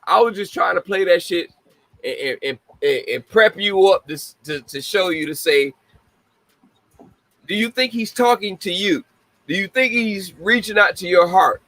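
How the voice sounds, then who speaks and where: This podcast host's voice sits high and is expressive, a little slow, pushed and bright. He rants bluntly and casually, swearing heavily and frequently laughing, on a rough recording with no room sound.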